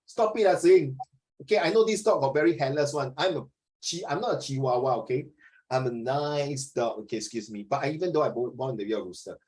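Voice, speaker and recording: A man's voice: mid-range voice, fairly quick, a little mellow, poor audio. A middle-aged man with a Singaporean accent, teaching an online class in a rambling, chatty way, dropping "ah" and "lah" and switching into Mandarin. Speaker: social studies tutor.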